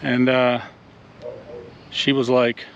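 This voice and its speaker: Outdoors in a yard, a lawn care vlogger narrates casually, telling stories and calling his viewers ninjas. His mid-range voice is creaky and completely flat, moving very slowly, and the recording's highs are cut off.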